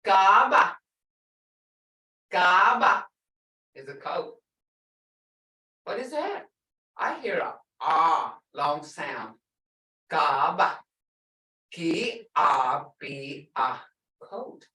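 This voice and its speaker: A woman teaching a language class, repeating words slowly and quizzing her students. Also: sits low, very animated, pushed and bright. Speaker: language instructor. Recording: echoey room, distant mic.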